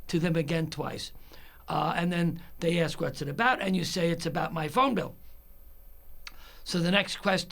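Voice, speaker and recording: A man's voice: fairly high pitch, vocal fry, a bit bright. A man telling an angry story about a customer service call, acting out both sides and getting more aggravated. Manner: building irritation, acts out both sides of a phone call.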